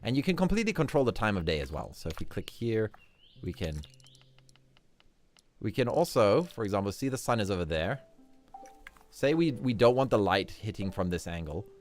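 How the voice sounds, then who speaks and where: A man hosting a relaxed game livestream in casual commentary, upbeat and chuckling often. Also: fairly low pitch, moderate pace, pauses often, soft background music. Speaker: livestream host.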